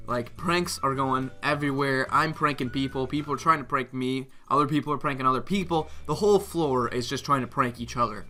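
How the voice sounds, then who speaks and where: Bright-voiced young man telling a story. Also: medium pitch, a little fast, hardly any pauses, faint music behind. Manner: animated, laughs often, reenacts others' lines. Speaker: vlogger. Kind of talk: casual storytelling.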